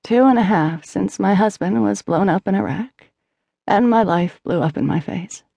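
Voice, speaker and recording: Audiobook: woman reading a wry, frank young widow, restrained, with slight vocal fry. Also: medium pitch, normal speed, dark tone, dry recording, voice pushed up. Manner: candid, wry, restrained sadness. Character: young widowed mother, former beauty queen, wry. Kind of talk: audiobook character voicing.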